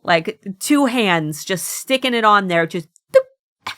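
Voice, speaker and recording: A woman's voice: mid-range voice, expressive, unhurried, bright, forceful tone, no echo, studio quality. A woman co-hosting a podcast in casual, giggly chat with frequent restarts. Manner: giggly, chatty, with many restarts. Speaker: podcast co-host.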